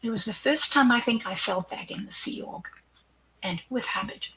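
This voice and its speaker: An older woman, a guest in an interview, telling a personal story with animation. She acts out the quoted dialogue and sometimes drops into a hushed aside. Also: fairly high pitch, normal speed, rough recording.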